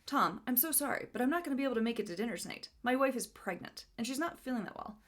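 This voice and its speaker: A woman's voice: fairly high pitch, expressive, quick pace. A woman reading the lines of a smug, scheming husband in a sarcastic, mock-indignant tone.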